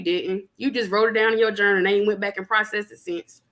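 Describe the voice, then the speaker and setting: A young adult woman in casual spiritual chat on a podcast, animated and preachy, talking plainly with lots of fillers. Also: medium pitch, brisk, few pauses. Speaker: podcast guest.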